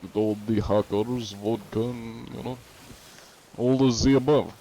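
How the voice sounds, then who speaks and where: A man's voice: mid-range voice, steady tone, measured pace, creaky, mellow, slight background noise, poor audio. A man streamer putting on a joking Russian accent to play a big sweaty Russian man. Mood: mock-serious. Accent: put-on Russian.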